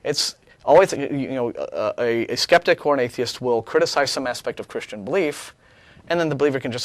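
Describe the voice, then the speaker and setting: A man's voice: medium pitch, expressive, brisk, no room sound. A man co-hosting a talk show, reading out an email and tearing it apart with sarcasm, often restarting his sentences. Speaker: co-host. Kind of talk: casual chat, reading and rebutting an email.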